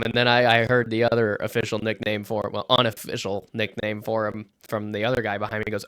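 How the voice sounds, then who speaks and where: A man co-hosting a casual sports podcast, telling stories with lots of swearing and acting out quotes loudly. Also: fairly low pitch, quick pace, few pauses, clean tone, no echo. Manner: animated storyteller, swears freely, acts out quotes loudly. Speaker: podcast co-host.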